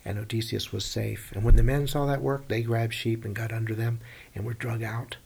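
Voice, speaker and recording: Male storyteller retelling a myth aloud, folksy and animated, low gravelly voice. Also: moderate pace. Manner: animated, plain-spoken retelling with folksy phrasing.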